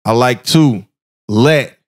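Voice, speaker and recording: A man's voice: mid-range voice, takes it slowly. A young man hosting a casual podcast, loose and joking, swearing freely as he talks. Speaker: podcast host.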